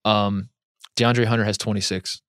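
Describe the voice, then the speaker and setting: A man's voice: on the low side, level tone, moderate pace, a bit bright, no room sound, clean studio sound. A man co-hosting a casual sports podcast, talking loosely with fillers and jokes. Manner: loose, joking, chatty with fillers. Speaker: podcast co-host.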